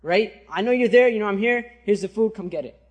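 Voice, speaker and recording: A reluctant pious hermit, played by a man telling the story brushes off requests in a defensive way. The voice is high-pitched and somewhat husky. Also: a little fast, muffled recording. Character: pious male hermit worshipper, reluctant and anxious.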